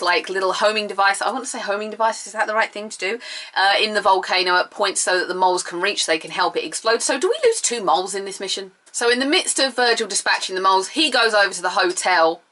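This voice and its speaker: Woman, young adult, bright tone, chatty, sarcastic, animated review. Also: medium pitch, quick pace. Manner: chatty and animated, with sarcastic asides and mock outrage. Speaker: TV episode reviewer. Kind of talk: casual video review.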